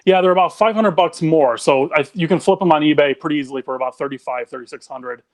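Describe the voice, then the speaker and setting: A man's voice: a little high, dry recording. Frank young man on a dry line. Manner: frank, swears casually, quick asides. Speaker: guest caller. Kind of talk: casual chat.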